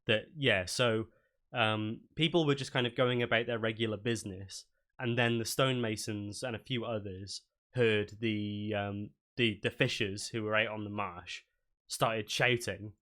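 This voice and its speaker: A man's voice: lowish voice, fairly even intonation, measured pace, a bit bright. A man running a tabletop game as dungeon master, narrating loosely with many fillers.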